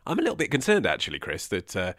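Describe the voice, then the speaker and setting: A man's voice: on the low side, huge pitch swings, very fast, a bit bright, dry recording, clean studio sound. Wry, slightly breathless English man. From England. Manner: chatty, wry, self-deprecating. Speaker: podcast host. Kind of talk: casual podcast chat.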